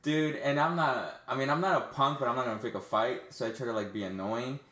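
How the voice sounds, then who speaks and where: Young man, podcast host, profane slangy storytelling, mid pitch, roomy echo. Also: fairly quick, a bit bright. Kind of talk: casual storytelling chat.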